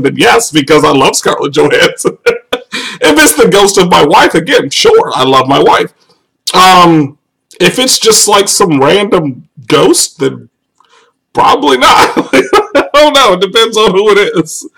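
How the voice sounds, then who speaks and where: A young man with an American accent chats through a live-stream Q&A in a loose, joking way. His voice sits a little high, and it often jumps much higher for exclamations, with laughter breaking in. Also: animated, unhurried, gravelly, bright, forceful tone, rough recording. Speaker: YouTuber answering viewer questions on a live stream.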